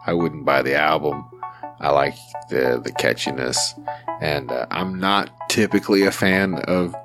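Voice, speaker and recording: Very deep-voiced profane podcast man. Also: unhurried, music in the background. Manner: profane, animated storyteller. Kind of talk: casual podcast chat.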